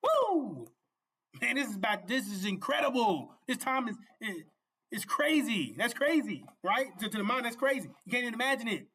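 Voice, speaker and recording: Male preacher-host, high ringing voice, fervent and repetitive, loose informal sermon with bursts of shouting. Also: lively intonation, a little fast, a little hiss or hum. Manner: fervent, repetitive, often asks "You see?"; laughs and shouts at peaks.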